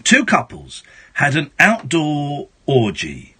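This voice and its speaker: A middle-aged man hosting a late-night phone-in radio show, switching from shouty mock outrage to soft reflection. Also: a little high, huge pitch swings, slow pace, husky. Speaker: radio talk show host.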